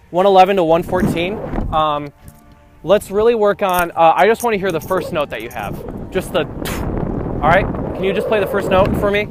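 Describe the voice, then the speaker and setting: Young guy running band practice, counts off and sings the rhythms, music going behind. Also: high voice. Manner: coaching, counting off beats and singing rhythms. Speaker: band teacher. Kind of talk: leading a band rehearsal. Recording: music playing in the background.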